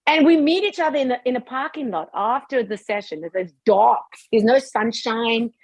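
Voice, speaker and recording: Husky woman telling an excited story. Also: a little high, normal speed, no room sound. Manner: animated, laughs often, acts out her own past thoughts. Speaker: participant sharing a testimony on a group call. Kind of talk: casual emotional storytelling.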